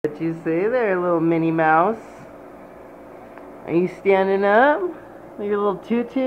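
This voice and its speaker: A man's voice: high-pitched, lively intonation, measured pace, lo-fi sound, a little hiss or hum. A young man, a father, talking playful baby talk to his little daughter in a casual home vlog.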